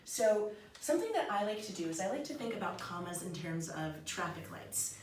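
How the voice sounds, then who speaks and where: A woman's voice: lowish voice, very animated, brisk. An upbeat young woman leads a small classroom grammar lesson, encouraging her students as she works through examples. She is picked up from a distance in an echoing room. A faint hiss sits under her voice. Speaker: student teacher leading a small group. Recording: roomy echo, mic far off, faint hiss.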